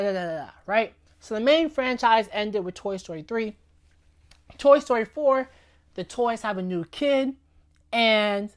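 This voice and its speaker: A woman giving a casual faith talk, speaking conversationally and often checking in with "right?". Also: medium pitch. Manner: conversational, keeps asking "right?" and "you know what I'm saying?".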